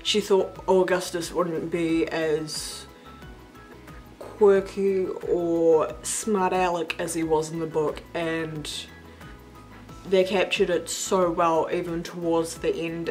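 A young woman from New Zealand chatting casually in a movie review vlog, bubbly and playful with quick asides. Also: deep voice, flat delivery. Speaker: vlogger. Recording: faint background music.

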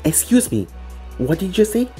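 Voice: mid-range voice, very animated, fairly quick, dark tone, breathy edge, faint music behind. A narrator voicing a smug pampered nobleman. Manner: haughty, demanding.

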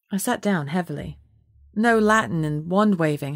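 A woman narrating an audiobook in first person with steady, measured storytelling. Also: on the low side, dry recording, clean studio sound.

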